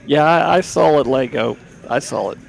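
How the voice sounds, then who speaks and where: A man's voice: on the high side, normal speed, vocal fry. A man giving easygoing, chatty live commentary on a poker table from a booth. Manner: chatty, easygoing, repeats words. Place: commentary booth at a card room.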